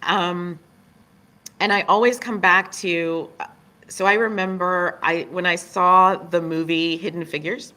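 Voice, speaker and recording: A middle-aged woman from Virginia with a Southern US accent, a playwright and director chatting as an interview guest and telling stories animatedly. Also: a little slow. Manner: animated storyteller, acts out voices with big pitch jumps. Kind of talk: casual interview chat.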